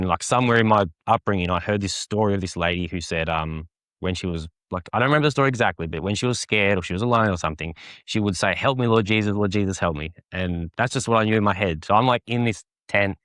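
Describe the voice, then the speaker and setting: Low-voiced man telling a testimony. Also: fairly bright tone, no echo, clean studio sound. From Australia. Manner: rambling, many fillers and restarts. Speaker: podcast guest. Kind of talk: personal testimony in casual conversation.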